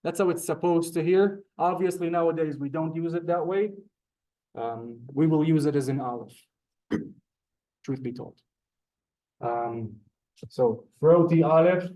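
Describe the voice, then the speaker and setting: A man teaching a live beginners' Hebrew class, halting and repeating words, polite to his students. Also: fairly high pitch, steady tone, warm tone.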